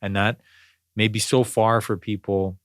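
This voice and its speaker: A man's voice: fairly low pitch, little pitch movement, measured pace, no room sound, studio quality. A man hosting a podcast, talking in a rambling, reflective way with lots of fillers and restarts. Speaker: podcast host. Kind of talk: casual spiritual conversation.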